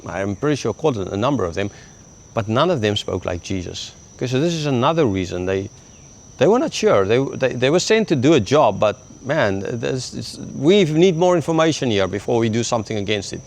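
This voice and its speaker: Animated male Bible teacher, lively pitch. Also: fairly quick, gravelly, slight background noise. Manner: animated, acts out quoted speakers, frequent "right?". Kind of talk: casual verse-by-verse Bible commentary.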